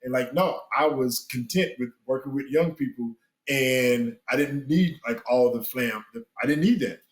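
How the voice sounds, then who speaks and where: A middle-aged man giving earnest relationship advice on a podcast, with animated, preacher-like emphasis. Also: mid-range voice, moderate pace, roomy sound, poor audio. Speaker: guest, spiritual father. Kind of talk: candid podcast conversation.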